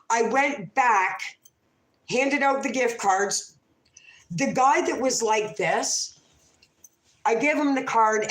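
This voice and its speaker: A woman hosting a loose, heartfelt livestream at a mid-range pitch. She rambles, trips over her own sentences and swears casually. Her voice rings off the walls of a reverberant room. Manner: rambling, self-interrupting, swears freely. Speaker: livestream host. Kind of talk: emotional casual livestream storytelling. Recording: echoey room.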